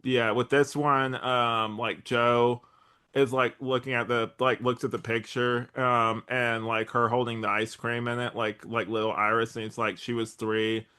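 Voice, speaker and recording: A man's voice: medium pitch, level tone, measured pace, pushed and bright, clean tone. A young man co-hosting a casual rewatch podcast, rambling with lots of likes and ums and laughing often. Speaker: podcast co-host.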